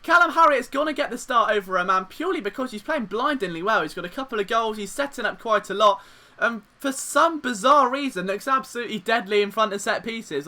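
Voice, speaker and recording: Young lad, let's-play commentator: very high, very bright, excitable and jokey, faint game music underneath. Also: male voice. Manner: excitable, jokey, swings from despair to cheering. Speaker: gaming commentator.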